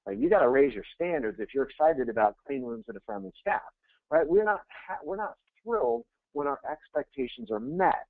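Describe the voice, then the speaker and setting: A man coaching real estate agents in a webinar, telling jokey, energetic stories. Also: a little high, gravelly, dry recording. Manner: energetic, joking, fast anecdotes. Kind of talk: webinar coaching talk with storytelling. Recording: tinny phone-like line, dry.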